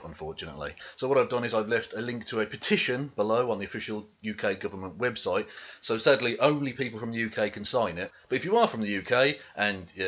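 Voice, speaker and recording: A man rants through a commentary video, swearing freely and full of scorn. His lowish voice comes across as forceful and tense. The audio sounds dull and lo-fi. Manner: profane, scornful. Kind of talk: ranting commentary monologue.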